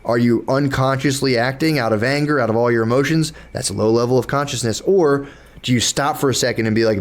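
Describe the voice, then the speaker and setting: A young man chatting on a podcast at a middle pitch. He rambles, restarts his sentences and swears freely, slipping into little acted-out inner voices to make his point. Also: quick pace. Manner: loose, rambling, profane, with frequent restarts and acted-out inner dialogue. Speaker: podcast host. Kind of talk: casual podcast chat.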